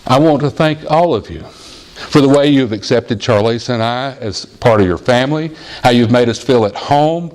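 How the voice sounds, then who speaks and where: Male pastor preaching in earnest. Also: darkish tone. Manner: storytelling, plain earnest preaching; jumps to a high child's voice when quoting a boy. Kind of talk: sermon. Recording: audio-only church sermon recording.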